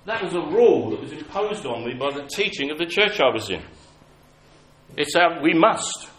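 A man's voice: fairly high pitch, big pitch swings, quick pace, a bit bright. A man preaching a sermon, telling personal stories in a conversational, self-mocking way. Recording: echoey hall with faint ambience.

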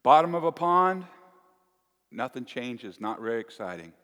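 A male pastor giving a folksy, animated sermon with playful asides to the congregation. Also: medium pitch, moderate pace. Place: church. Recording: echoey church hall.

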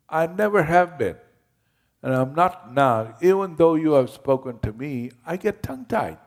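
A man's voice: animated, measured pace. A man voicing Moses as an anxious, pleading prophet who calls himself a stammerer. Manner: anxious, pleading, higher-pitched.

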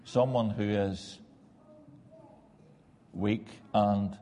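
A man's voice: on the low side, normal speed, a little mellow, in a large hall. A middle-aged man preaching a sermon in a church, earnest and repeating key lines for emphasis.

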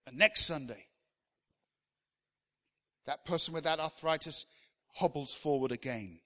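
A high-voiced man preaches with real fervour, his bright, forceful tone climbing into loud, emphatic appeals. Long reverb from a large hall trails behind every phrase. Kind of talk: sermon.

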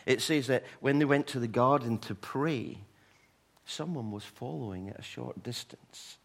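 Husky man preaching with lively storytelling. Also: medium pitch, unhurried. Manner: animated, humorous asides to the congregation. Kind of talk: sermon storytelling.

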